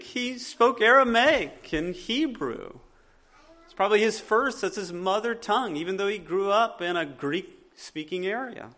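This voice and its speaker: A man's voice: sits high, pushed and bright. A man with a Southern US accent preaching a sermon as a pastor, earnest and emphatic, often restarting his sentences.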